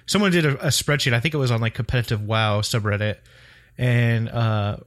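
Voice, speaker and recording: Male podcast co-host, mid-pitch, loose rambling delivery. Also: a little fast. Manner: rambling, many restarts and fillers. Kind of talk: casual gaming chat.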